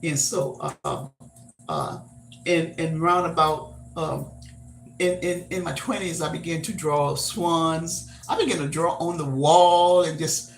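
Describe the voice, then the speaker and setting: An older woman hosting a live stream, chatting casually and haltingly with many fillers and repeated words. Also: low-pitched, fairly even intonation, a little hiss or hum. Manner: reminiscing, homespun. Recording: roomy echo.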